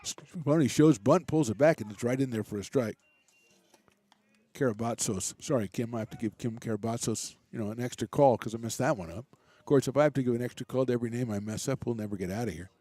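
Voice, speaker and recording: A man doing relaxed, chatty play-by-play commentary for a college baseball game, with self-deprecating asides. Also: mid-range voice, fast, few pauses, dry recording. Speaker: play-by-play announcer.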